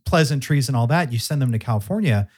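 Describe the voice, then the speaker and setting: Man, podcast host, casual interview, reflective summarizing, mid pitch. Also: expressive, fast talker, darkish tone, husky. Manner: thoughtful, sums up the guest's points.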